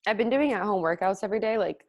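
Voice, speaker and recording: A woman's voice: medium pitch, animated, quick pace. A young woman in her twenties co-hosting a casual mukbang chat, filling her talk with "like" and chewing as she speaks. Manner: chatty, lots of "like", talks while chewing. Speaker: mukbang co-host. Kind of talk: casual chat while eating.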